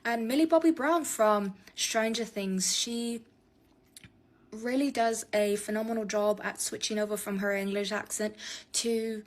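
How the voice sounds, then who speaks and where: An American woman with a mid-range voice talks to the camera in a casual, rambling way. She pauses often and drifts from point to point. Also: medium pitch. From United States. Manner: rambling, chatty, halting with fillers. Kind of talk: casual vlog commentary.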